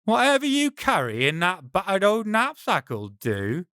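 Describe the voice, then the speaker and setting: Menacing brigand, as a man puts him on, wolfish, silky mock courtesy, bright voice. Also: high-pitched, wildly swooping pitch, unhurried, no echo, clean studio sound, pitched above the performer's own voice, exaggerated voice. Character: menacing smooth-talking male brigand, wolfish.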